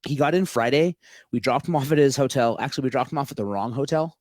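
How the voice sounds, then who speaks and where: A local event organizer, appearing as a podcast guest, tells a long story in a casual chat. He talks quickly in a mid-range voice, rambling with lots of filler words and free swearing, with background noise audible.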